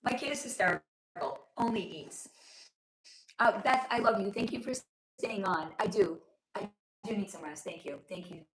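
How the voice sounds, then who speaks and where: Hoarse-voiced woman hosting a livestream. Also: medium pitch, normal speed, echoey room, poor audio. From lives in Los Angeles. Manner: chatty, affectionate, reads chat aloud. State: losing her voice, sore throat. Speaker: livestream host, spiritual reader. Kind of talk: casual livestream chat with viewers. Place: home room.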